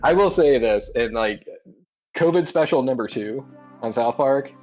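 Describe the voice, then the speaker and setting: A man co-hosting a casual gaming news podcast, animated and jokey, often talking over his partner. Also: medium pitch, measured pace, muffled recording, soft background music. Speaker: podcast co-host.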